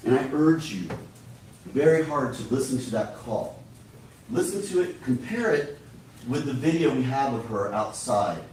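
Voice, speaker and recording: Addressing the jury directly, a male prosecutor gives an emphatic, persuasive closing argument in a medium-pitched, somewhat mellow voice. The sound is distant and echoey, recorded in a large courtroom, with a little hiss or hum.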